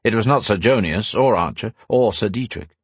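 Husky low-voiced male narrator. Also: no room sound. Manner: measured storytelling. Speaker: audiobook narrator. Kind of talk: scripted narration.

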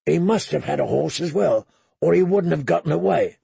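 A man playing a scarred, menacing warrior growls his lines in a coarse, gravelly voice. He sounds rough and raspy, recorded close and dry. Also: a little high, moderate pace, dark tone, dry recording, exaggerated voice. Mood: gruff.

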